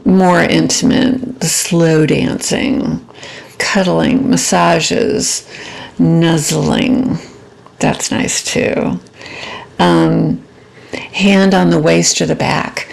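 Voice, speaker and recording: A woman with a low, heavily gravelly voice speaks to camera at a very slow, unhurried pace. She gives relationship advice in a soft-spoken, reflective way and often pauses with little ums as she gathers her thoughts. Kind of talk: reflective personal talk to camera.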